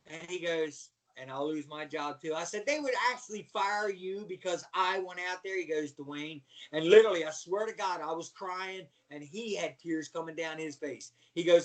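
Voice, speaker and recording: A middle-aged former wrestler telling profane stories in a casual interview, acting out what people said. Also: male voice, a little high, normal speed, hardly any pauses, recorded from a distance. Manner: animated, profane storytelling, acts out quotes. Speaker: guest, former pro wrestler. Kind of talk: storytelling in casual chat.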